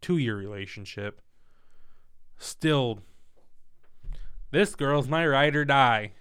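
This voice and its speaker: A man's voice: mid-range voice, drawn-out words, clean tone. Profane young man telling a story. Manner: candid, profane, animated retelling. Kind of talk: casual storytelling.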